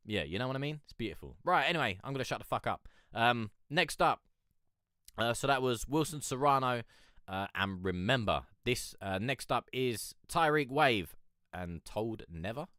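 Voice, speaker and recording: A man's voice: fairly low pitch, lively intonation, moderate pace, a bit bright, no room sound, clean studio sound. A man with a cold, hosting a casual music review chat, rambling and swearing freely. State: has a cold.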